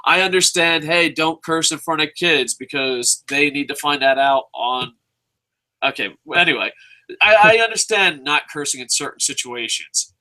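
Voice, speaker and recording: Co-host, male. Profane, animated ranter with a piercing, fairly high voice. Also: moderate pace. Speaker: podcast co-host. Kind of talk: casual chat.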